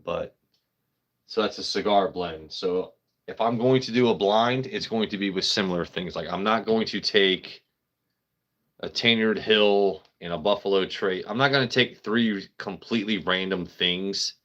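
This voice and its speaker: A man's voice: fairly low pitch, a little slow, fairly bright tone. A man hosting a casual live stream, rambling, joking with his chat and swearing freely. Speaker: livestream host.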